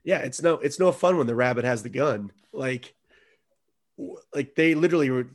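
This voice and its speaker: A man in casual chat, animated and mocking, swearing freely. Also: mid-range voice, moderate pace.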